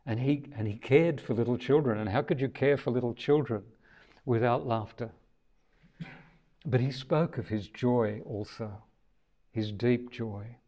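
A man's voice: mid-range voice, measured pace, warm tone. A man preaching a sermon in a conversational, thoughtful way, often restarting his sentences.

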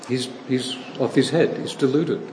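A man preaching a sermon, slow and deliberate, repeating phrases for emphasis. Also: mid-range voice, darkish tone. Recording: echoey hall, slightly distant, faint room noise.

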